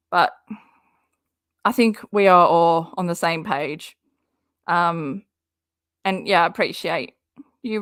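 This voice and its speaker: Chatty Australian woman, slow and dry. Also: medium pitch, a bit bright, dry recording. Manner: chatty, laughs often, uses slang. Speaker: livestream host. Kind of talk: casual livestream chat.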